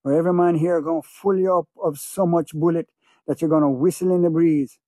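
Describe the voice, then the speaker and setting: A man's voice: fairly high pitch, steady tone, fairly quick, mellow, no room sound, close to an everyday voice. A man voicing a menacing male gang leader who barks curt, profane commands. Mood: harsh.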